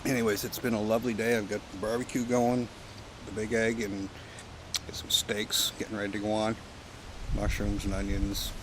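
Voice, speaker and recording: Here the Canadian vlogger, who smokes a pipe, talks at a moderate pace in a level tone, his voice on the low side. He's outdoors at a campsite, chatting casually, rambling and cracking jokes with the odd swear word, while wind and background noise come through clearly.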